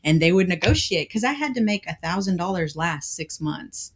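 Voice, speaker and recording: Lively American woman telling stories. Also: lowish voice, moderate pace, husky. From United States. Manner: lively storyteller acting out quotes. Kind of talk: casual chat.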